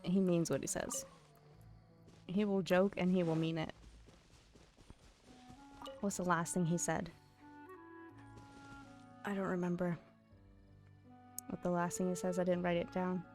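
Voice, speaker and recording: A woman's voice: lowish voice, level tone, a little slow, pauses often, darkish tone, soft background music. Chatty young woman streamer. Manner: chatty, giggly, storytelling. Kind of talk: casual chat while gaming on stream.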